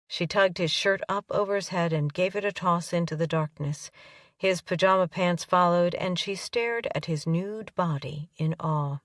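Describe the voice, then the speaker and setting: A woman narrating a romance audiobook in an even, unhurried storytelling manner. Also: lowish voice, dry recording, studio quality, distant mic.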